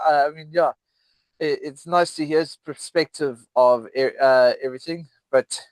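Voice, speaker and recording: A man's voice: fairly high pitch, dry recording, rough recording. A man hosting a casual rugby podcast, rambling with lots of fillers and restarts. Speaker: podcast host. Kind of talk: casual sports podcast chat.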